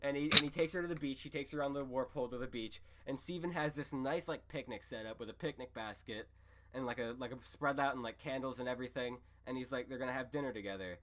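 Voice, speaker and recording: A man's voice: medium pitch, fast talker, bright, forceful tone, slight background noise. A young man on a podcast, rambling and swearing as he recaps a cartoon plot with lots of fillers. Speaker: podcast co-host. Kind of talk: casual chat, recapping a show.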